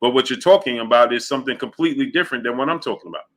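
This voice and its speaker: Male livestream host, bright voice at mid pitch, emphatic and argumentative, reads out chat messages. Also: racing. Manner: emphatic, argumentative, repeats his points. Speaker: boxing show host. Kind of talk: livestream commentary reading viewer chat.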